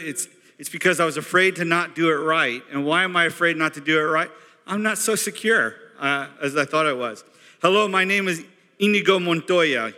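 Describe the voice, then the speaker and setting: A man's voice: a little high, sharp tone. A man preaching a sermon as pastor, chatty and self-deprecating. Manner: chatty, self-deprecating, quotes movie lines. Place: church hall. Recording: reverberant church hall.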